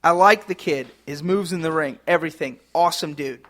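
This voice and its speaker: Male podcast co-host, high-pitched, chatty and easily amused, lots of fillers. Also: brisk, fairly bright tone. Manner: chatty, laughing, many fillers. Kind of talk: casual wrestling chat.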